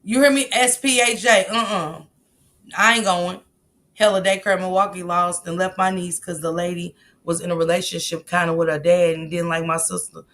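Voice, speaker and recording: A woman hosting a casual livestream, reacting emphatically to viewer comments, blunt and quick to laugh. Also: lowish voice, fairly even intonation, fairly bright tone. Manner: laughs often, blunt and profane. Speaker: livestream host reading viewer chat.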